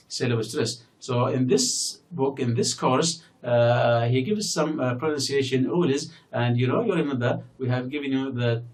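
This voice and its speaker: A man whose first language is Arabic, teaching a recorded English lesson and explaining slowly with many fillers and repeated example words. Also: mid-range voice, recorded from a distance. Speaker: university English lecturer. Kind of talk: recorded distance-learning lecture.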